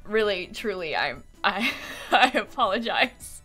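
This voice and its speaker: A woman's voice: medium pitch, sing-song, unhurried, bright, forceful tone, soft background music. A young woman streamer chatting casually from her room at home, giggling often and apologizing a lot as she rambles. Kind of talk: casual live-stream chat.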